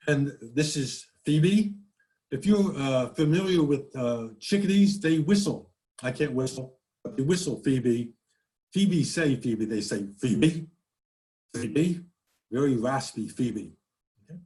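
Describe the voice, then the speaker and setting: A man's voice: mid-range voice, dark tone, poor audio. A man with a New England accent giving a casual nature slide talk, chatty and full of restarts, now and then imitating birdsongs. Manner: folksy, mimics birdsongs, frequent restarts. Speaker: nature presenter.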